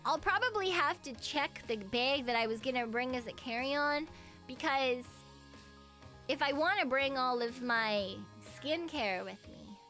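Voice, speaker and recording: High-voiced chatty woman streamer. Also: animated, measured pace, pushed and bright, soft background music. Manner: chatty, swears casually, mock-dramatic complaints. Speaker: VTuber streamer. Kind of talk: casual chat with viewers.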